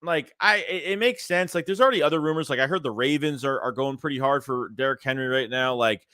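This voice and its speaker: A man with a stuffy nose hosting a casual sports livestream, rambling and animated as he reads chat messages aloud. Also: medium pitch, quick pace, no room sound, studio quality. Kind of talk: casual live-chat commentary.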